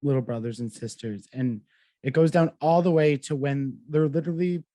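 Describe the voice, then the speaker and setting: A man's voice: fairly high pitch, normal speed, mellow, dry recording. A man hosting a podcast, thinking aloud in a reflective, hesitant way. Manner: reflective, hesitant, with many fillers. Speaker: podcast host. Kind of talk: casual podcast interview.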